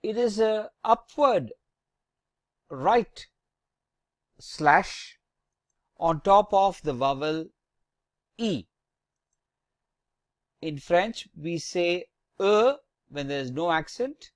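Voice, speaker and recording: A teacher giving a slow pronunciation lesson on the French alphabet and accents, saying letters one at a time with corrective tips. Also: mid-range voice, lively intonation, no room sound, clean studio sound.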